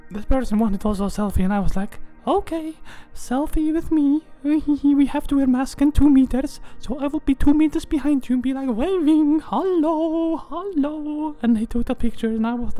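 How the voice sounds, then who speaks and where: A woman puts on a dreamy, self-absorbed woman who rambles on in a warm, mellow voice set a little high. She breaks into breathy giggles and swoops up into high squeals, and faint music sits behind her. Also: normal speed, hardly any pauses, natural voice. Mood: giggly. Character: giggly, dreamy Icelandic woman celebrity persona. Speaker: podcast segment host. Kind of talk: comedic monologue segment.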